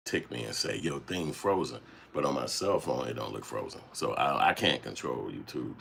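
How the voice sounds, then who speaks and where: A very deep-voiced man hosts a casual livestream, talking loosely and profanely and acting out quoted voices. A faint hiss sits under his voice. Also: expressive, moderate pace, creaky, fairly bright tone. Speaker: channel host.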